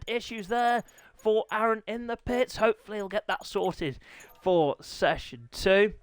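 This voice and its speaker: A young man hosting a racing game live stream, excitable and jokey, with squealing high bursts of excitement. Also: measured pace, smooth, no echo. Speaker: race commentator and stream host.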